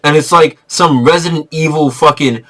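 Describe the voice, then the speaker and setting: A man's voice: fairly high pitch, moderate pace, a bit bright. A man giving a casual, rambling movie review, full of fillers and swearing. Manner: rambling, profane, filler-heavy.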